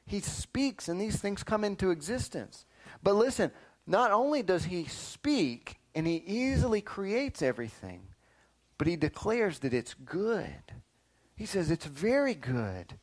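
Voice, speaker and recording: A man teaching a lively Bible lesson to children, quizzing them and often calling "listen up" to get their attention. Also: high voice, a little slow. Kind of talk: animated Sunday school lesson.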